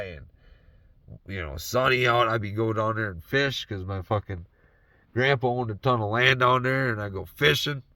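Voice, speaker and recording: A man's voice: on the low side, sharp tone, dry recording. A man in his truck talking in a loose, rambling monologue, swearing heavily and slipping into a half-faked Southern drawl. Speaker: vlogger.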